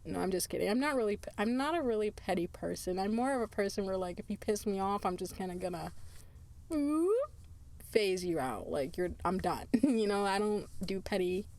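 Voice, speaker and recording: A woman's voice: mid-range voice, brisk, hardly any pauses, a little mellow. A woman hosting her own podcast in casual solo chat, tired, chatty and laughing often, drifting into asides. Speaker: podcast host.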